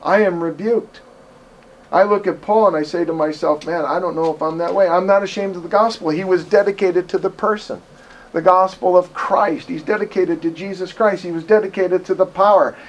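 A man preaching a sermon with a fairly high voice. He talks with passion and emphasis, pushing some lines out loudly and letting others drop low and quiet. The sound is of a church service. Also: steady tone, moderate pace. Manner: impassioned, emphatic, swings from loud to quiet.

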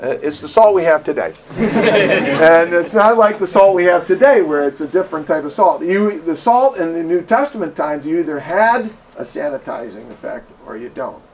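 Animated storytelling pastor, man. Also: on the high side, moderate pace, slight background noise, low-quality recording. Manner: storytelling, animated, acts out quotes with laughter. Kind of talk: conversational sermon.

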